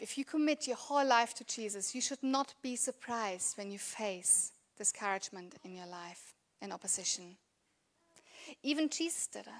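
A woman in her thirties preaching a sermon in a conversational, earnest way, asking the congregation rhetorical questions. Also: sits high. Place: church.

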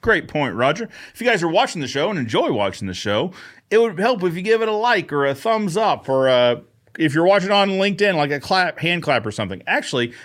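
A man's voice: a little high, sing-song, a little fast, fairly bright tone. An upbeat man hosting a live Q&A show, chatting casually, greeting viewers by name and answering their questions. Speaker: host of a live fencing Q&A show. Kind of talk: casual live-stream chat.

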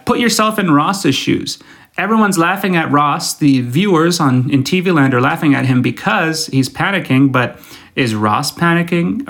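A man's voice: medium pitch, a bit bright. A man hosting his own podcast alone, talking casually in a rambling, self-deprecating way, with many fillers and restarts. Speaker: podcast host. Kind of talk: casual solo podcast monologue.

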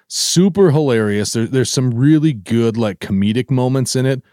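Speaking at normal speed in a mellow, mid-range voice, a male podcast co-host rambles through casual, enthusiastic chat full of filler words. The sound is clean studio quality with no room sound.

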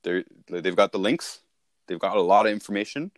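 A man's voice: on the low side, brisk, no echo, clean studio sound. A man talking casually as a sales coach, repeating and restarting himself as he explains.

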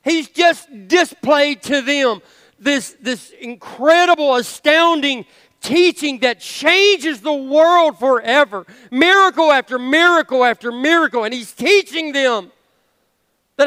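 A man's voice: very high voice, slow pace, sharp tone, dry recording, big-room sound. A male pastor preaching a sermon in a church, earnest and conversational, with playful asides. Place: church sanctuary.

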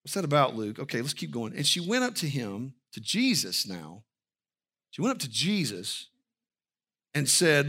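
A man's voice: medium pitch, sing-song, moderate pace, sharp tone, husky. A man preaching a sermon as pastor, conversational and asking the congregation questions.

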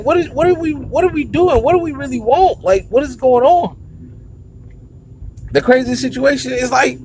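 A man hosting his own show, talking in an animated, rambling, slangy rant. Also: high-pitched, noisy background. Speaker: podcast host. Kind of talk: ranting monologue.

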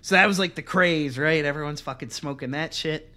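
A man's voice: a little high, fairly quick. A young man hosting a podcast, telling a long, profane story in casual chat and acting out what people said. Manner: profane, animated, acts out quotes in other voices. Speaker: podcast host.

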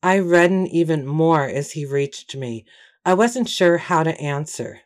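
A woman giving first-person audiobook narration in a steady, measured storytelling manner. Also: sits low.

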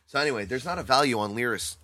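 A man's voice: mid-range voice, rapid-fire, sharp tone. Laid-back man in casual podcast banter. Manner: laid-back, says "you know what I mean" a lot. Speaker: podcast co-host.

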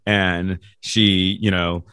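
A middle-aged man with a very low voice recounts his childhood at a loose, rambling pace, full of ums and easy laughter. The sound is dry and close, with no room around it. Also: level tone, extremely slow, sharp tone, clean tone, no room sound. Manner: rambling, laughs often, many ums and restarts. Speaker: guest. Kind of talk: casual storytelling.

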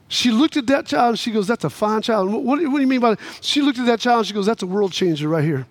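High-voiced preacher telling a story. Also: male voice, no echo. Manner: animated, acts out the voices in his story, rising to near shouts. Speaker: pastor. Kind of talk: sermon with storytelling.

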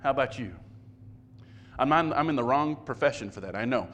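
A man's voice: mid-range voice, animated, fairly quick, fairly bright tone. A man preaching a sermon as pastor, conversational and self-deprecating, often stumbling and repeating words.

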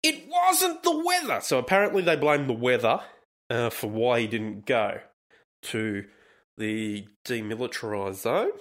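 A man's voice: medium pitch, measured pace, fairly bright tone. A man hosting a casual solo podcast, commenting on news in a profane, rambling, jokey way. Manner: profane, laughing, wandering commentary. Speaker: podcast host.

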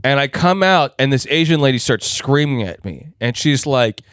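A young man co-hosts a podcast, chatting in a casual, rambling and crude manner packed with fillers. His medium-pitched voice is fairly bright with lively intonation and a moderate pace, captured in clean studio sound with no room noise.

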